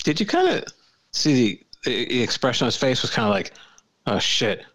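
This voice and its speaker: A man on a podcast cracking wry asides about a movie, his pitch leaping wildly between high and low. He often sounds slightly set back from the mic. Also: huge pitch swings, fast talker, fairly bright tone. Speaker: podcast co-host. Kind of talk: casual chat recapping a movie.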